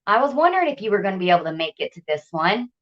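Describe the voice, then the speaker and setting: Racing along in a medium-pitched voice with big swings in pitch, a woman livestreams casually from her home. Speaking into a tablet that makes the audio sound dull, she chats, laughs often, and calls out viewers by name.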